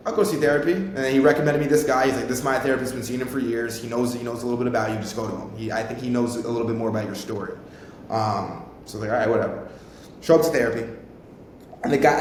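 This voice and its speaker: A young man in his twenties, a podcast host telling a rambling, informal personal story and swearing freely. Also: darkish tone. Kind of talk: casual storytelling. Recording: very echoey room, faint rumble.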